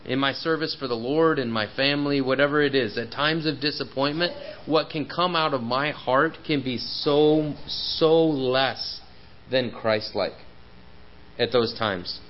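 A man's voice: mid-range voice, measured pace, highs cut off. A man preaching a sermon in an earnest, personal way, with frequent fillers and repeated words.

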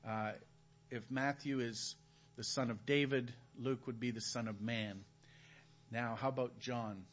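A man's voice: mid-range voice, fairly even intonation, measured pace. A man preaching at a chapel, teaching from the Gospels in a conversational way and putting questions to his listeners. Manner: asks the audience questions, conversational. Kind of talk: Bible teaching. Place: church hall.

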